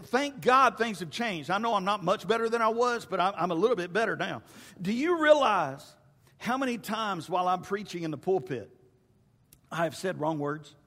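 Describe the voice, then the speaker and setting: A man's voice: sits high, fairly bright tone. A male pastor preaching a folksy, conversational sermon straight to his congregation. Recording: reverberant hall.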